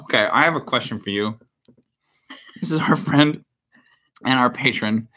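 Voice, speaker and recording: A young man hosting a casual livestream Q&A, chatty and animated, reading viewer comments aloud and laughing often. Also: mid-range voice, normal speed. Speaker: show creator and host.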